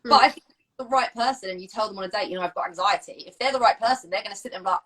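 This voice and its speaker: Fast, husky-voiced woman coach. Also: mid-range voice, fairly bright tone. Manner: blunt, frank, swears freely, laughs often. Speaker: fitness coach, live-stream host. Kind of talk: casual chat. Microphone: phone, live stream.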